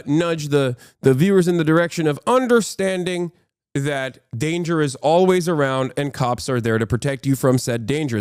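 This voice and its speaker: A man's voice: fairly high pitch, clean tone, no echo, clean studio sound. A man in his thirties, a streamer giving casual, opinionated, sarcastic commentary and swearing freely.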